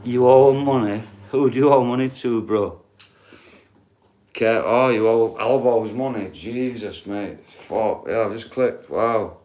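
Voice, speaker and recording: A man's voice: medium pitch, unhurried, dark tone. A man in his late forties with a Yorkshire accent, chatting casually to his live-stream viewers, swearing freely and talking straight to the chat. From Yorkshire, England. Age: 40s. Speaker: livestreamer.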